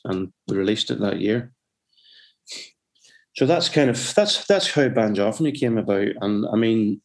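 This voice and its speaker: A man from Northern Ireland with a Northern Irish accent, a musician telling stories in a casual, rambling way with many restarts. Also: lowish voice. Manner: rambling, with frequent restarts and self-corrections. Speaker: musician guest. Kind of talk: casual anecdotal chat.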